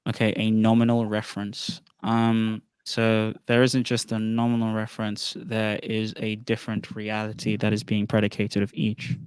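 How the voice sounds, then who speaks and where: A man in an online debate answering in a measured way and pushing back when he is talked over. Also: on the low side, completely flat delivery, smooth, dry recording. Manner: measured, asks for a slower pace, pushes back.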